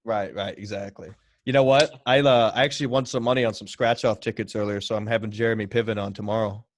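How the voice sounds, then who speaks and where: A man hosting a podcast in casual chat, joking and reacting quickly. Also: on the low side, steady tone, a little hiss or hum. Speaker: podcast host.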